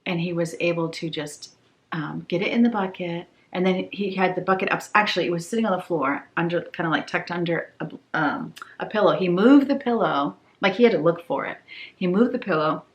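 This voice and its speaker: A woman from tells a home story in a relaxed vlog. Her voice sits on the lower side for a woman. She slips into the voices of the people she quotes and sounds a little tired. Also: moderate pace. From Maine. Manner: animated storyteller who acts out quoted voices. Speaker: home declutter vlogger.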